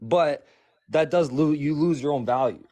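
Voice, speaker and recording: A man's voice: fairly high pitch, moderate pace, mellow. A man in a casual debate, talking loosely with many fillers and some swearing.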